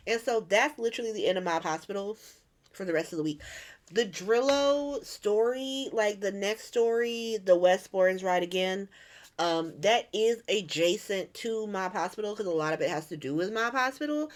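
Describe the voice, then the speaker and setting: A woman hosting a casual recap, animated and profane, acting out every character. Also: mid-range voice, moderate pace. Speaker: host. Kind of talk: casual soap opera recap.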